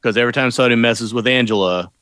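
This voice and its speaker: A man's voice: mid-range voice, very fast, fairly bright tone, no echo. A man co-hosting a podcast who discusses a movie with dry, matter-of-fact remarks. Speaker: podcast co-host.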